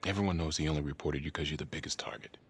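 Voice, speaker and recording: A very deep, soft-spoken cop. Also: male voice, racing, a little hiss or hum. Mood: reassuring. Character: soft-spoken, reassuring male detective colleague. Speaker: police detective colleague.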